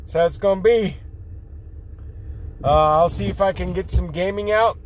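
Slow-talking guy vlogging from his car, folksy and reassuring, faint engine hum. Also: high-pitched. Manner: folksy, reassuring, drawn-out talk. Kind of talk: casual rambling vlog.

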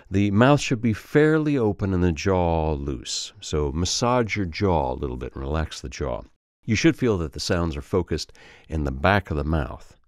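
A man's voice: deep voice, no room sound, studio quality. A man from Alabama with a Southern accent, teaching an accent lesson as an acting coach in a friendly, explaining way. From Southern United States. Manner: friendly teaching, exaggerated drawled example sentences. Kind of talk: accent tutorial.

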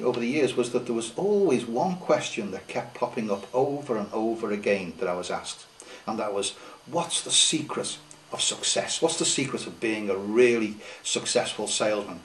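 Emphatic man in an echoey room. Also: mid-range voice. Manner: emphatic, repeats key words for effect. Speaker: sales trainer. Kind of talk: unscripted spoken tutorial. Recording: echoey room, distant mic.

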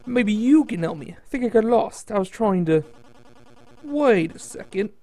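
A man voicing a brash young male boomerang knight with a put-on Australian accent, eager and boyish. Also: lively intonation, normal speed, darkish tone.

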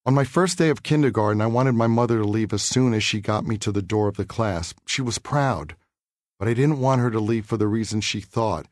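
A man from New York City reads his own memoir for an audiobook in a measured, earnest, reflective manner. His voice is lowish with a darkish tone, and the studio recording is clean with no room sound.

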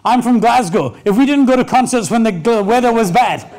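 A man's voice: very high-pitched, lively intonation, brisk, darkish tone. A man giving a live conference keynote on stage, telling brash, joking stories, swearing and acting out the people he quotes. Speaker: keynote speaker. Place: stage before a live audience.

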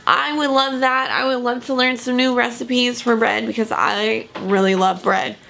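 Bright, effusive woman. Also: on the high side, steady tone, moderate pace, creaky. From Long Beach, California. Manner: effusive and grateful, near tears. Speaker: coupon vlogger. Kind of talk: casual vlog, reading fan mail.

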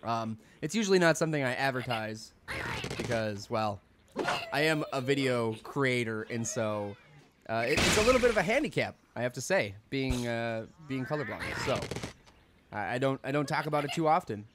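A young man hosting a video game let's play, rambling goofily and suddenly yelling a silly word. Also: medium pitch, lively intonation, normal speed, background noise. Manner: goofy, rambling, randomly yells a silly word. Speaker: gaming channel host.

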